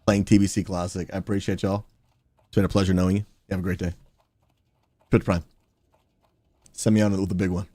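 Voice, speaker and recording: A man with a somewhat low voice chats with friends while playing a game, often breaking into laughter. He calls out plays with eager energy into a gaming mic. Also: level tone, brisk, long pauses, dark tone, no echo. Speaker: gaming streamer and pastor. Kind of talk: casual gaming chat with friends.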